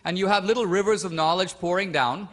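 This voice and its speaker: A man from India debates on stage in a fairly high voice. He presses his case with pointed, insistent questions. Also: fast talker, a bit bright. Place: debate stage before a live audience.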